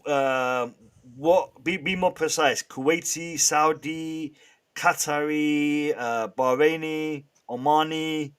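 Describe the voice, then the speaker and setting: A man's voice: a little high, slow, clear, resonant tone. Chatty man hosting a live stream. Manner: lively, banters with chat, many restarts. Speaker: livestream host. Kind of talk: casual live-stream chat.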